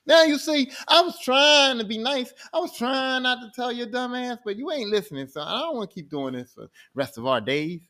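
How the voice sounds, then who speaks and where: A man's voice: very high voice, lively intonation, brisk, hardly any pauses, bright, forceful tone, full character voice. A man voicing a smug, all-powerful male ruler of time who scolds and taunts with profanity. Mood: taunting.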